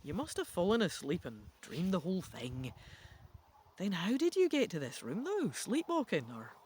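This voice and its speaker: A man's voice: sits high, huge pitch swings, normal speed, a little hiss or hum. Man musing through a gamebook. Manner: musing, thinking out loud. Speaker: gamebook reader. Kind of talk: reading a gamebook aloud with chatty asides.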